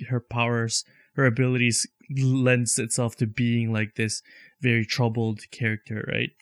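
A man's voice: mid-range voice, little pitch movement, unhurried, no echo, studio quality. Laughing young man rambling about a film. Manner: laughs often, rambling with restarts. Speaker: movie watch-along co-host. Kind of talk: casual chat.

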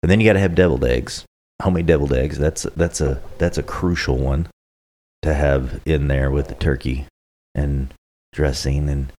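A man co-hosting a casual chat, talking in a relaxed, rambling way and repeating himself. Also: very deep voice, moderate pace, slight background noise. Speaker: co-host.

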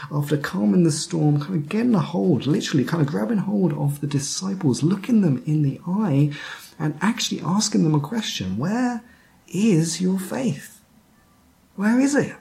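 A man preaching a sermon as pastor, speaking haltingly, often repeating words and dropping to a whisper for emphasis. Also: high-pitched, gravelly, a little mellow.

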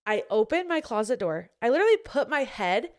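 A pregnant young woman with a fairly high voice, chatting as a podcast host. She tells stories with lively, animated energy, swears freely, and acts out her own reactions as she goes. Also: a little fast. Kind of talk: casual chat.

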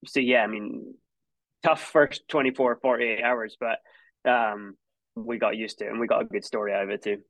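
A man's voice: fairly low pitch, steady tone, normal speed, a bit bright, no echo, poor audio. A Scottish man in his thirties, a former college runner, telling stories casually in an interview, with many restarts and fillers. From Scotland.

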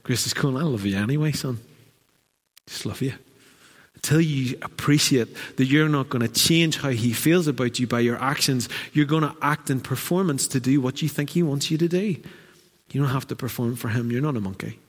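A man preaching a sermon as pastor, animated and acting out the voices he quotes. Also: mid-range voice, fairly quick. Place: church hall. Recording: church hall with long reverb.

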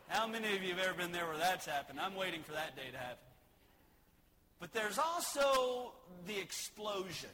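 A man preaches with a high, bright, ringing voice that keeps a folksy, conversational edge. He throws questions and light jokes out to the congregation between points. A faint hiss sits under the recording. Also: lively intonation, moderate pace, rough recording. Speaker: pastor. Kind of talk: sermon.

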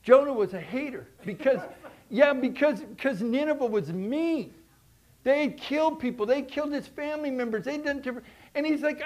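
Preaching to his congregation at a moderate pace, this pastor has a notably high voice and an animated, lively delivery. He frequently restarts sentences and drops from loud outbursts to hushed asides.

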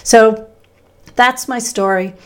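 A middle-aged woman from Texas with a Midwestern American accent, hosting a solo podcast in an upbeat, conversational way with emphatic pauses. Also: on the high side, steady tone, clear, resonant tone. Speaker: podcast host.

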